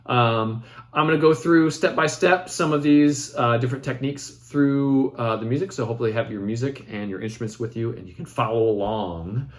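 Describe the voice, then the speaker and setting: A man's voice: medium pitch, a little fast. Casual man explaining saxophone techniques. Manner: relaxed, filler-heavy, thinks aloud. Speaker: composer demonstrating his piece. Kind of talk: casual instructional walkthrough. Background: saxophone demonstrations.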